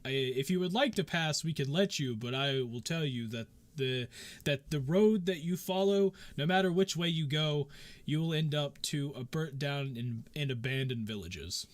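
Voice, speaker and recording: A man's voice: fairly high pitch, expressive, normal speed, lightly acted. A man voicing a sarcastic adult male checkpoint guard in a tabletop game, speaking hesitantly and dismissively. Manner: hesitant, dismissive, stumbling speech.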